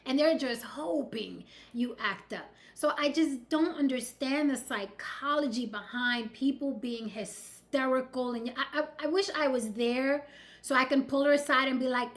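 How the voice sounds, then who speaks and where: Blunt high-voiced woman host. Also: normal speed. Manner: blunt, animated, talks to her live audience. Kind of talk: casual commentary on the news.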